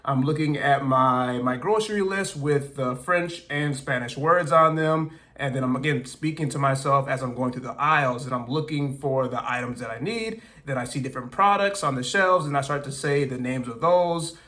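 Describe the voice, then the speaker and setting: A man's voice: mid-range voice, moderate pace, few pauses, sharp tone. A young adult man talking to camera about language learning, thinking aloud and sometimes fumbling for words. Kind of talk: casual talking-to-camera monologue.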